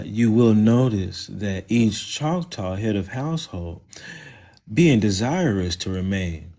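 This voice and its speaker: A man's voice: fairly low pitch, darkish tone. A man with a Southern US accent, hosting a loose, mocking, profane livestream and talking casually. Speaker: livestream host.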